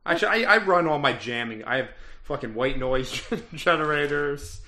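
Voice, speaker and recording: A man's voice: on the high side, moderate pace, bright, forceful tone. A man voicing a paranoid male criminal who insists on his new name, in a tabletop game. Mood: touchy. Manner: touchy, paranoid, boastful.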